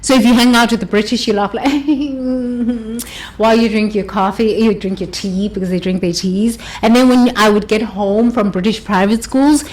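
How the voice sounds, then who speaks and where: A woman giving an expressive motivational talk, stretching words for emphasis and laughing often. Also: medium pitch, fairly quick, hardly any pauses. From South Africa. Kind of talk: motivational monologue.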